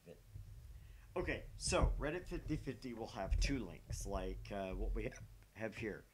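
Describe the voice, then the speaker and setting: A man with a lowish voice that swings widely in pitch, hosting a relaxed gaming stream at home. He jokes and talks sarcastically while fighting off hiccups, and he rambles as he explains things. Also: normal speed, slight background noise. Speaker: streamer host. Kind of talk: casual gaming stream chat. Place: home, at a table.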